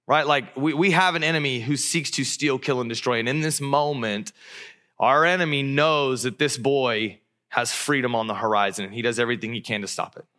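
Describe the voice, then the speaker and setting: A man's voice: mid-range voice, normal speed. A man preaching a sermon as pastor, telling a story and speaking straight to the listeners. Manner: animated preacher who acts out voices.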